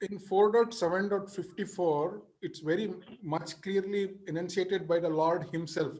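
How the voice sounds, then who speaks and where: Earnest, pleading male discussant with a higher voice, heard over a video call. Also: steady tone, normal speed, a little mellow. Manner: pleading, earnest, apologetic when interrupting. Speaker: discussion participant.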